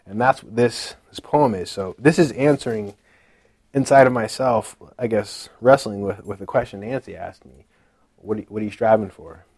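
A man's voice: lowish voice, moderate pace, a little mellow, breathy edge, dry recording. A man giving a casual personal testimony at a conference. He tells his story in a chatty way, acting out what other people said and using many fillers like "like".

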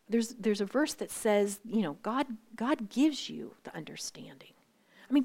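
Animated woman in her sixties, whispering asides. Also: fairly high pitch. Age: 60s. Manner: animated and conversational, often dropping to a whisper for emphasis. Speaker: women's Bible study speaker. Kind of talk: faith talk to a live group.

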